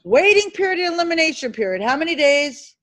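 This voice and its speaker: A high-pitched woman leads a classroom review, her delivery brisk and insistent. She keeps throwing quick questions at the students and stresses the key points firmly. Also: rough recording. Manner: emphatic and animated. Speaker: insurance licensing instructor.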